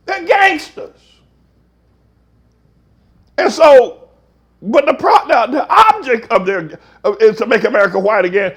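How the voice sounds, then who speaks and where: A pastor in a heated, folksy preaching rant, swinging from shouts down to mutters. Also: male voice, very high voice, expressive, a little slow, long pauses, slightly rough. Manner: folksy, slangy.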